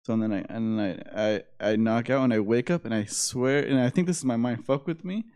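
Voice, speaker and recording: A young man in casual chat, rambling with many fillers and trailing off quietly. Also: medium pitch, a little fast, clean tone.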